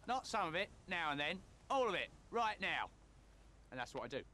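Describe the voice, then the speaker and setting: A male comedian with a London accent delivering a deadpan mock sermon with a gruff, blokey put-on voice. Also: fairly high pitch, brisk. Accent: London English.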